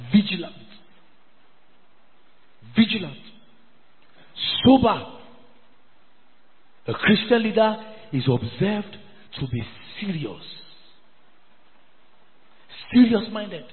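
A man's voice: high-pitched, long reverb tail, narrow, tinny audio. A man preaching a sermon, emphatic and scolding, repeating his phrases for stress. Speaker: pastor.

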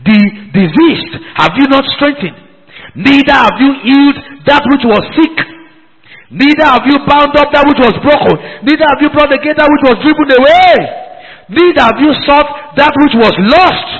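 A man's voice: very high voice, a bit bright, long reverb tail, muffled recording. A man preaching a sermon as pastor, emphatic and repetitive, calling out to the congregation. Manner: emphatic, repeats lines, calls out to the congregation.

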